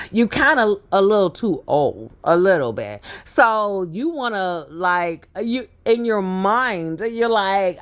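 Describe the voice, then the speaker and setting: A woman's voice: medium pitch, very animated, slow, pauses often. A woman vlogger telling a personal story to her viewers, chatty and laughing often, with many fillers and asides. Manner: addresses viewers directly. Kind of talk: storytelling monologue.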